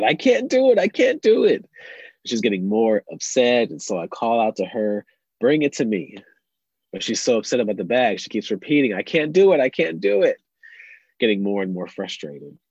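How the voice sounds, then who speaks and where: Young male pastor, earnest sermon delivery, husky voice, dull dry recording. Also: low-pitched, no echo. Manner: earnest, drops to soft tones for emphasis.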